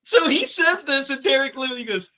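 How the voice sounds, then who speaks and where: A man's voice: very high voice, animated, quick pace, pushed and bright, a little hiss or hum. A man co-hosting a podcast who jumps in with details and laughs often in casual chat. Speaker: podcast co-host.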